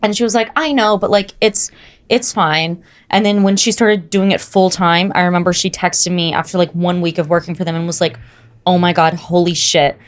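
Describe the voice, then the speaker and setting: A young woman co-hosting a podcast, telling stories in animated casual chat, full of "like" and "oh my God". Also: fairly low pitch, moderate pace. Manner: animated storytelling, frequent "like" and "oh my God". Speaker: podcast co-host.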